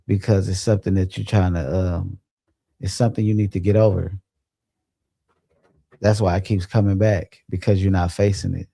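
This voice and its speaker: Young guy on a late night livestream, real low gravelly voice, super dark tone, rambly and chill. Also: steady tone, moderate pace, pauses often, no echo, studio quality. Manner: laid-back, rambling, laughs often. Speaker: livestream host. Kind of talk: casual livestream chat, reading comments.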